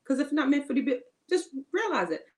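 On a low-quality recording, a woman speaks fast in a high, sing-song voice with a somewhat dark tone. She co-hosts a faith-based podcast, chatting informally with casual grammar while giving emphatic encouragement and repeating her main phrases.

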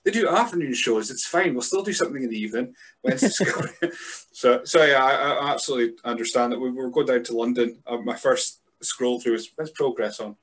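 A man hosting a podcast, asking questions and adding joking asides with halting restarts. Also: mid-range voice, fairly bright tone. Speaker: podcast host. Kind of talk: casual podcast chat.

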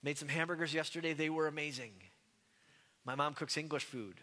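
American guy preaching, chatty and self-deprecating, brightish voice, big echoey church. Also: fairly high pitch, fairly quick. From United States. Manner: conversational, self-deprecating, animated asides. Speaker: pastor. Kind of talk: sermon.

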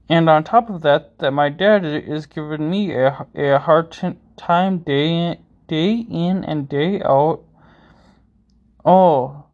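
A streamer talking through personal struggles in a halting way, full of fillers and restarts. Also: mid-range voice, darkish tone. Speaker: streamer host. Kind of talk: personal vlog monologue. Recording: dull lo-fi sound.

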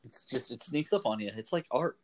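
A male radio host talking at an ordinary pitch. He chats casually and cracks quick jokes, often laughing at his own asides. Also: expressive, slight background noise.

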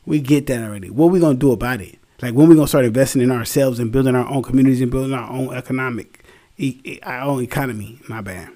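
A man's voice: mid-range voice, fast, dark tone. Tired young man ranting bluntly. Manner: blunt, rambling, swears freely, slangy. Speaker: solo commentary host. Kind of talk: casual opinion monologue.

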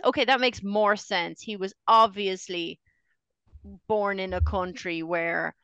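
A middle-aged Australian woman co-hosting a podcast in casual chat, full of jokey quick asides. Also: medium pitch, steady tone, a bit bright, smooth, no echo. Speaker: podcast co-host.

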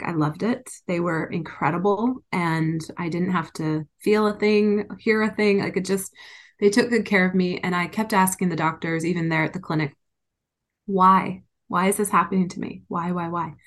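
A woman's voice: on the low side, moderate pace. A woman being interviewed, telling a personal story candidly and with emotion. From United States. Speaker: interview guest.

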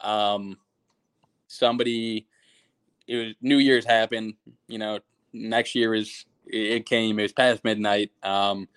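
A man's voice: lowish voice, little pitch movement, takes it slowly, fairly bright tone, smooth, no echo. Young adult man, podcast guest, hesitant, lots of fillers, chuckles, dry close sound. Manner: hesitant, many fillers, laughs while recalling. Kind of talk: casual chat.

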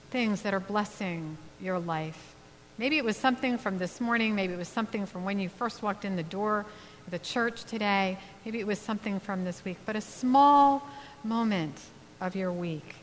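A woman minister giving a sermon in a church, speaking in a reflective way with gentle pauses. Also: mid-range voice. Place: church sanctuary. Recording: long hall reverb, faint hum.

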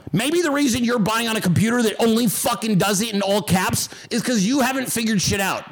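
A man with a high-pitched voice hosts a livestream and rants straight at his chat. He swears freely and mocks commenters with biting sarcasm. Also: fairly quick, poor audio. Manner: sarcastic, mocking, ranting at chat. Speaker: livestream host. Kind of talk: profane livestream rant.

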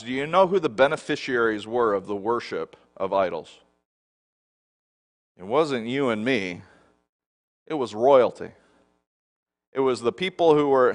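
Preaching from the pulpit, this middle-aged male pastor alternates hushed, low passages with booming, emphatic declarations. He keeps putting questions to the people listening.

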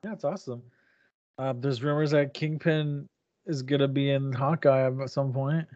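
A man's voice: medium pitch, steady tone, normal speed, a little mellow, muffled recording. A man co-hosting a casual podcast, answering in short, laid-back remarks. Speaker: podcast co-host. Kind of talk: casual chat.

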